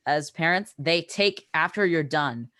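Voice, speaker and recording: A man's voice: fairly high pitch, measured pace, sharp tone, no echo, clean studio sound. A teenage boy hosting a casual podcast chat, steering topics with many fillers. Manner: leads the talk, many fillers. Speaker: podcast host.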